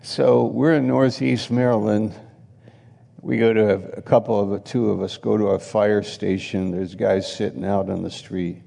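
A man's voice: on the low side, steady tone, moderate pace, vocal fry, warm tone, long reverb tail. A man preaching a sermon, telling chatty stories with laughs and acted-out quotes. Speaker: pastor. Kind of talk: sermon storytelling.

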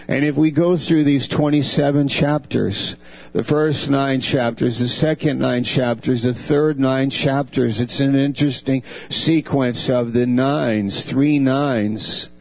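A man with a gravelly voice preaches a slow, unhurried sermon, earnest throughout, raising his pitch to dramatize God's words. The recording is dull and lo-fi, with a mains hum underneath.

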